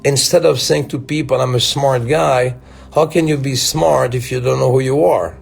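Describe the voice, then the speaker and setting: A man from Belgium with a Belgian French accent, a native French speaker, giving a reflective motivational talk to his fans in a slow, musing way with halting restarts. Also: medium pitch, vocal fry, a little mellow, slightly rough, soft background music.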